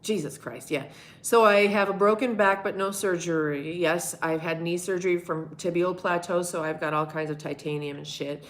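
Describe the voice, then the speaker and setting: On a casual live stream, a middle-aged woman with a strikingly deep, low voice answers viewers one by one in a steady tone and at a moderate pace. Her talk is candid and rambling, and she swears freely.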